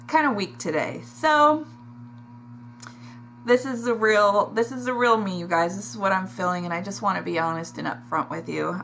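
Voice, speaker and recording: A woman talking in a personal video diary, emotional and halting, pausing and sighing as she speaks. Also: medium pitch, fairly bright tone, a little hiss or hum. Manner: emotional, halting, with sighs and restarts. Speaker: vlogger.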